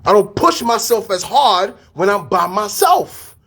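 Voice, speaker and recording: A man giving a casual motivational talk, energetic and full of street slang, repeating his phrases. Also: high-pitched, unhurried, breathy edge. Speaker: fitness studio staff and podcast host.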